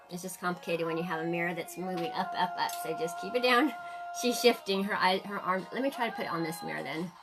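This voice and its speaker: A woman's voice: fairly low pitch, gravelly. A woman in her forties hosting a casual live-stream makeup tutorial, chatting to viewers and laughing often. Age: 40s.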